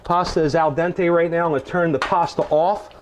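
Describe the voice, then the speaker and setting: Middle-aged guy cooking in his kitchen, folksy and chatty, bit higher voice, faint hiss behind. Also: fairly even intonation, a little fast. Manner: chatty, folksy, restarts phrases, teacherly asides. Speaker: cooking show chef. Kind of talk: casual cooking demonstration. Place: home kitchen.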